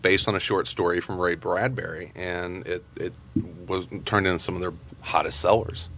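A man's voice: low voice, steady tone, moderate pace, a bit bright, dull audio, a little hiss or hum. A man co-hosting a podcast in casual chat, rambling a little and restarting his sentences. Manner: rambling, restarts, laughs often. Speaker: podcast co-host.

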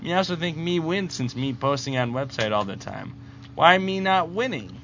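A man's voice: on the high side, expressive, normal speed, fairly bright tone, slight background noise. A man reading a listener's letter in the voice of Bizarro, a dim-witted backwards male supervillain, speaking in broken grammar. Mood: dopey. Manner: broken grammar, calls himself "me". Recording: dull lo-fi podcast audio.

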